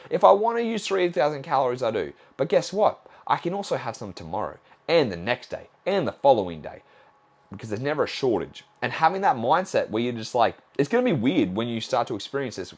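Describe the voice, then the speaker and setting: Blunt, swearing male nutrition coach. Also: mid-range voice. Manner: blunt, frequent swearing, acts out conversations. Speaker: nutrition coach and podcast host. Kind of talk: solo podcast monologue.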